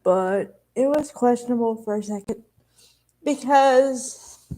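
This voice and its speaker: A woman vlogger speaks to her viewers in a slightly high voice. She takes her time, drawing out words in a slow, unhurried way. Her talk is candid and rambling, like a confession. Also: dark tone. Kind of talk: emotional casual talk to camera.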